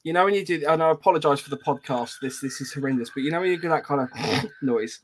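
A man's voice: on the high side, fast talker, noisy background. A British man co-hosting a casual podcast, reading out live chat comments and laughing often.

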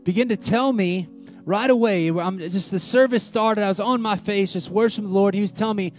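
Animated high-voiced male pastor. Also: brisk, faint music behind. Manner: animated, swinging between loud emphasis and hushed intimate lines. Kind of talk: sermon.

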